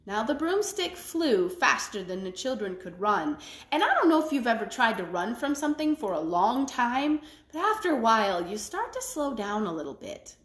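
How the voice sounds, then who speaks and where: A woman storyteller telling a traditional tale in an expressive, folksy way. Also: fairly high pitch, normal speed, roomy sound. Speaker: library storyteller. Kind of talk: oral storytelling.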